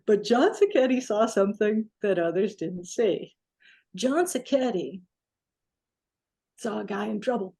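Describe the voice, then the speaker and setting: A woman recording engineer, interviewed as a guest, telling a story in an animated way and acting out the quotes. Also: medium pitch, unhurried, gravelly, long pauses, breathy edge.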